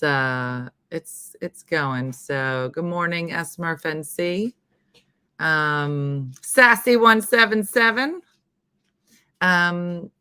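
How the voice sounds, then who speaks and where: A woman from New Jersey with a Jersey accent hosts a casual live morning stream. Her voice is a bit hoarse, and she rambles chattily and laughs at herself. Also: fairly low pitch, pushed and bright, dry recording. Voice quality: slightly hoarse, husky. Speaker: morning show host.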